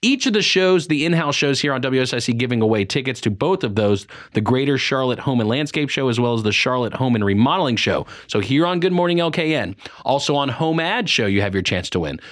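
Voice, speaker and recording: A man hosting a morning radio show, full of jokes and teasing asides. His pitch swings widely as he talks, at an average height for a man, and the studio sound is close and dry. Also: lively intonation, brisk, fairly bright tone, no room sound. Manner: joking, playful, teasing asides. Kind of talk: casual radio banter. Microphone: studio microphone.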